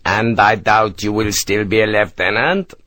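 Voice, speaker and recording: A man voicing a proud Spanish officer who speaks formally and deliberately. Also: on the low side, steady tone, pushed and bright, dry recording. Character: male Spanish cavalry officer, proud, formal, warm friend.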